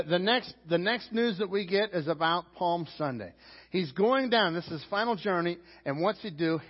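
A man with a Pittsburgh accent preaches a sermon in a rather high voice, animated and sometimes acting out shouted lines. The sound is dull and lo-fi, and long reverb trails through the church hall. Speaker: pastor.

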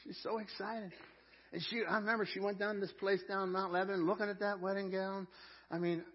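A male pastor preaching a sermon, repeating key phrases and swinging between loud proclamation and hushed storytelling. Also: high voice, level tone, fast talker, highs cut off.

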